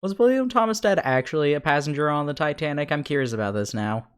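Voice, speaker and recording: A man's voice: fairly high pitch, animated, quick pace, smooth. Giggly male streamer reading game text. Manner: giggly, chatty, reads the game text aloud. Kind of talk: casual live-stream commentary and reading aloud.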